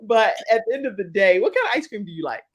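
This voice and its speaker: A talkative woman in her forties hosts a live-streamed talk show. Her voice rises and falls in lively swoops, and she keeps laughing as she reads viewer comments aloud in easy chat. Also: medium pitch, fast talker.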